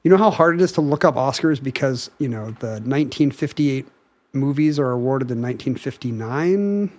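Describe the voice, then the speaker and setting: A man's voice: medium pitch, expressive, moderate pace, darkish tone. A man co-hosting a podcast, casually explaining facts and looking details up as he talks. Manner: explains facts, looks things up on the spot. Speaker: podcast co-host. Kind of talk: casual chat.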